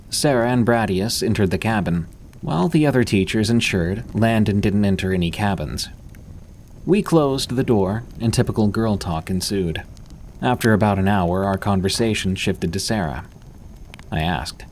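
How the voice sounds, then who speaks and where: A man narrating scripted horror stories in a measured, even storytelling manner. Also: on the low side, a little hiss or hum.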